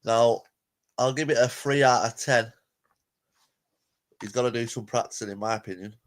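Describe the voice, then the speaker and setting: A man at a typical middle pitch hosts a live reaction stream. He talks casually and comments on the clips he plays, and he keeps addressing his viewers directly. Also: normal speed. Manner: chatty, addresses viewers as "people".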